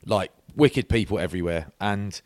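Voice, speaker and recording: A man's voice: low-pitched, moderate pace, no echo. A middle-aged man telling an anecdote in a casual chat, peppering it with "mate". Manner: lively storyteller, says mate a lot.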